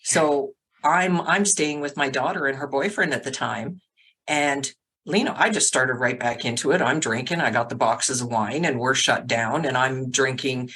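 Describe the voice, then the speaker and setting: Middle aged lady guest on a podcast, telling her story all animated, lots of "like", doing other ppl's voices. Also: very deep voice, moderate pace, low-quality recording. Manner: animated, acts out quotes, many "like" fillers. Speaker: sobriety coach and podcast guest. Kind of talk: casual storytelling interview.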